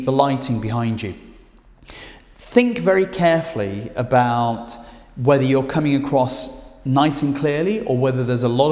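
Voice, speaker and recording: A man with a British accent teaching presentation skills straight to camera, speaking emphatically with lively intonation. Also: medium pitch. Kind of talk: direct-to-camera instructional talk. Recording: echoey room with long reverb.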